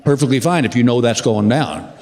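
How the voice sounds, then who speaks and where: A middle-aged man telling a stand-up routine, a drawling storyteller who mimics his wife in a higher voice. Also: lively intonation, a little fast. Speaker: stand-up comedian. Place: large theater stage. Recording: long hall reverb with loud crowd. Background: audience laughter.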